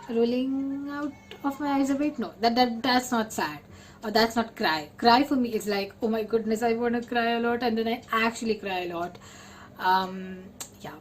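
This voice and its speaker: Young woman, book vlogger, casual chat, filler-heavy, excitable, mid-pitched voice. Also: slight background noise, low-quality recording. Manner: chatty, lots of fillers and repeats; bursts into excited exclamations.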